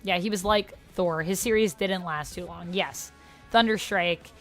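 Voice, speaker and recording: Woman streamer, casual chatty host reading chat, soft music behind. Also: on the low side, unhurried. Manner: chatty, reads and answers chat aloud. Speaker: livestream host. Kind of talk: casual just-chatting livestream.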